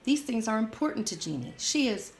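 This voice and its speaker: A woman reading aloud as a quiet, patient mother who speaks calmly to mediate. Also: a little high, fairly quick, pitched above the performer's own voice. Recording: roomy echo, faint hiss.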